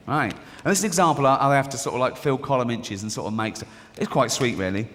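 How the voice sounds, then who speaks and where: A man's voice: mid-range voice, a little fast, fairly bright tone. A middle-aged English man performing a stand-up comedy routine, chatty and conversational, checking in with the audience as he goes. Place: large venue with an audience. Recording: reverberant live hall, audience noise.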